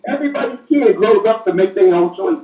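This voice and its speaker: Joining a casual interview over a remote call, this police officer guest speaks plainly in a high-pitched voice. His intonation is lively and his pace fairly quick, though the remote audio comes through dull, roomy, and far away.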